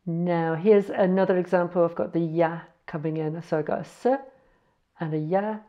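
Sharing words as a language learner, a woman chats casually, spelling foreign terms slowly letter by letter and correcting herself along the way. Her voice is fairly low, steady, and warm, though the audio sounds dull.

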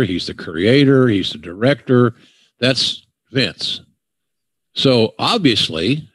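An older Southern man hosts a casual podcast chat, ranting bluntly and swearing. His voice is medium-pitched and slightly rough, recorded with no room sound.

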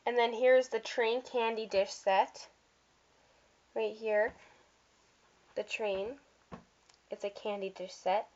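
A woman's voice: on the high side, fairly even intonation, slow, pauses often, darkish tone. A woman casually walking through a catalog of holiday items, chatty and gushing, with fillers and little slips. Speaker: vlogger showing catalog items. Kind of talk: casual product walkthrough. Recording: dull lo-fi sound.

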